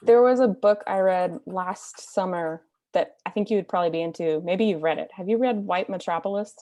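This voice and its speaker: A woman artist, a guest in a casual conversation, recounting things in a measured, thoughtful way. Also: fairly low pitch, mellow.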